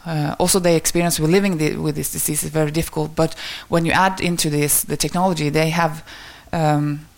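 A woman with a low voice gives an academic research presentation. Her tone carries a noticeable gravelly fry. She speaks hesitantly, pausing often with fillers and restarting her sentences. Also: steady tone.

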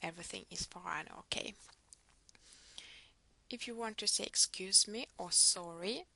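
A woman's voice: mid-range voice, unhurried, vocal fry, sharp tone, no echo. A woman teaching a language lesson, patiently modelling words for the listener to repeat. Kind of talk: slow instructional lesson.

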